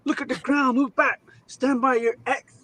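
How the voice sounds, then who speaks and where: A woman telling a deadpan joke over a video call. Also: sits high, normal speed.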